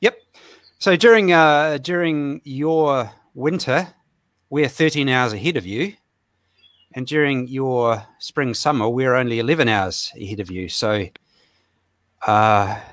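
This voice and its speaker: A man's voice: medium pitch, fairly bright tone, no room sound. Kiwi guy on a video call, dry sound, lots of ums, jokes at his own expense. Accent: New Zealand. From New Zealand. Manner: self-deprecating, halting with many fillers. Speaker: comic artist guest. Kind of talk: casual chat over a video call.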